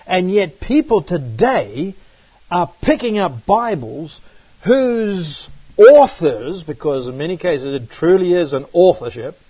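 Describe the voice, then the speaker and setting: A middle-aged man from New Zealand with a New Zealand accent, preaching a sermon and telling personal stories in an animated way, often exclaiming. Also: a little high, slightly rough, dry recording. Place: church. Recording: dull lo-fi recording.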